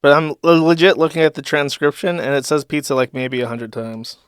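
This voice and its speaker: A man's voice: on the high side, steady tone, a little fast, smooth, no echo, clean studio sound. A man hosting a live stream, chatting in a profane, rambling, jokey way. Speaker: stream host. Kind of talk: casual live-stream commentary.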